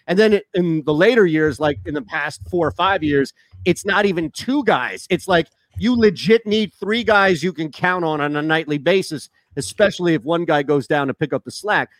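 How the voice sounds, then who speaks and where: A man co-hosting a sports radio show, telling long, animated stories in casual talk. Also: fairly high pitch, moderate pace, dry recording. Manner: rambling, animated storyteller.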